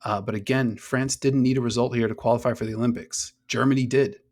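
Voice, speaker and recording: A man's voice: mid-range voice, steady tone, fast talker, darkish tone. A man from the United States hosting a casual sports podcast, talking energetically, laughing often and swearing casually. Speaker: podcast host.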